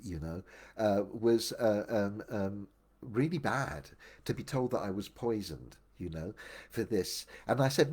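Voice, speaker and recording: Husky older man telling his story. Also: fairly low pitch, lively intonation, unhurried, a little mellow. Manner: meandering, reflective, with many restarts. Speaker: memoir storyteller. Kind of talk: casual first-person storytelling.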